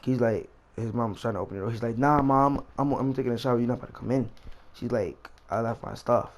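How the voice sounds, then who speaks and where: A man's voice: medium pitch, steady tone, fast talker, darkish tone. A young man vlogger telling a rambling, slangy story as he plays a game. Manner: rambling, slangy, repeats himself. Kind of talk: casual storytime while gaming.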